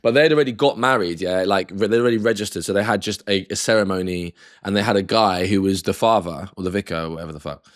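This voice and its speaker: A man's voice: low-pitched, quick pace. A man, co-hosting a podcast, telling a rambling, sweary story and acting out what other people said. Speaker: podcast co-host. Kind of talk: casual storytelling chat.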